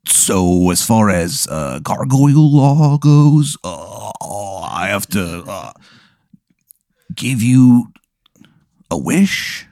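A man voicing a hunched male gargoyle with a gravelly voice that stumbles along on "uh"s. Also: lowish voice, big pitch swings, warm tone, dry recording, studio quality, exaggerated voice. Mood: hesitant. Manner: halting, full of "uh" pauses.

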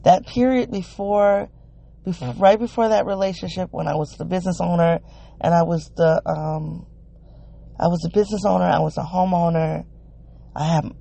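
A woman hosting a solo wellness podcast, thinking aloud in a halting, searching, emotionally open way. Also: fairly low pitch, fairly even intonation, gravelly, warm tone. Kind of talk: reflective solo podcast monologue.

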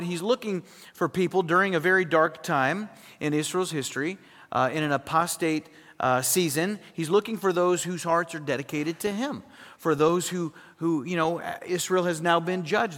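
A man preaching a sermon to a congregation, animated, checking in with his listeners as he goes. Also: sits high. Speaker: pastor. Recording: long hall reverb.

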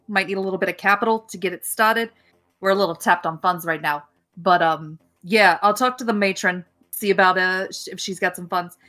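A woman's voice: medium pitch, bright, forceful tone. A young woman narrating a tabletop game as game master, casual and profane, voicing many characters.

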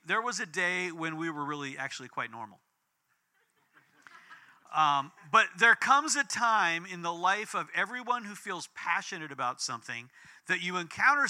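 A man in his fifties preaching a sermon, telling a personal story with big swings between loud and hushed. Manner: animated storytelling with big swings in pitch and volume. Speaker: pastor.

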